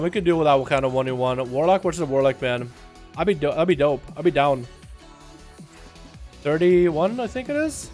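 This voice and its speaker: A young man with an American accent, Russian by birth and first language, hosting a live game stream with quick, excitable play-by-play and frequent laughs. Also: on the high side. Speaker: livestream host. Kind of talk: live game commentary and chat. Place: hot home room.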